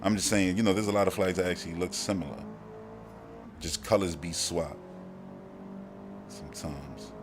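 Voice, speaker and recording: A man's voice: sits low, fairly even intonation, moderate pace, pauses often, music in the background. A man with a Brooklyn accent, hosting a casual live-stream chat in a slangy, rambling way and laughing often. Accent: Brooklyn, New York. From Brooklyn, New York. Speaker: podcast host.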